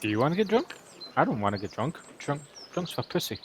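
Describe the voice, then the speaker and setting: A man's voice: on the high side, very animated, quick pace, slight background noise. A man voicing a crude, cocky male warrior in a tabletop role-play, talking in a flippant, mocking way.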